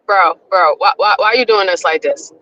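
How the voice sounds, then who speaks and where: A woman's voice: medium pitch, a little fast, bright, forceful tone, lo-fi sound. A woman from New York co-hosting a live stream, ranting in exasperation with plenty of swearing. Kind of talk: casual reaction chat.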